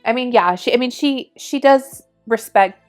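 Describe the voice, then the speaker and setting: A woman's voice: on the high side, moderate pace, soft background music. A woman co-hosting a book discussion podcast, casually recapping a story with lots of "like" and acted-out quotes. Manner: animated retelling with acted-out quotes, swearing. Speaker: podcast co-host.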